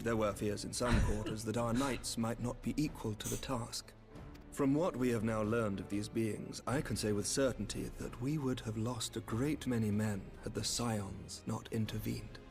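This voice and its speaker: A man's voice: medium pitch, gravelly, a little mellow, soft background music, natural voice. An actor playing a solemn, formal noble statesman of a holy order in a video game. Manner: formal, measured, diplomatic.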